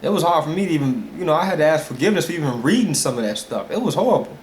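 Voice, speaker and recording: A man's voice: a little high, animated, racing. A man giving an emphatic, rambling, informal religious talk straight to his viewers. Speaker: religious video speaker. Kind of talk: informal preaching monologue. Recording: roomy echo with faint hiss.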